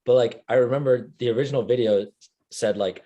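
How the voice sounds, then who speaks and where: A man's voice: medium pitch, mellow, dull audio. A man in casual podcast conversation, talking in slangy bursts that speed up. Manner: slangy, bursts into quick runs of words. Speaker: podcast co-host.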